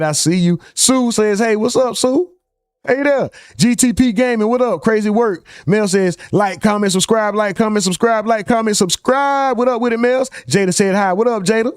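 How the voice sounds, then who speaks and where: A man's voice: high-pitched, a little mellow, clear, resonant tone, dry recording, studio quality. A man hosting a live stream, casually reading out chat comments and joking with viewers. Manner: loose, joking, reads chat names aloud.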